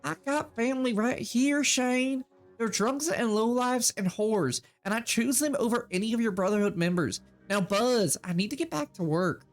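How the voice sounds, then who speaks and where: A man's voice: very high voice, normal speed, faint music behind, voice pushed up. A man voicing a sly young elf barmaid in a faux Southern drawl, reading game text in character. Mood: defiant. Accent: faux Southern American.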